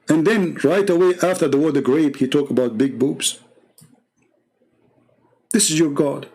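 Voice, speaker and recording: A man's voice: fairly high pitch, darkish tone. A man hosting a live debate stream, delivering a heated, scornful monologue full of mocking rhetorical questions.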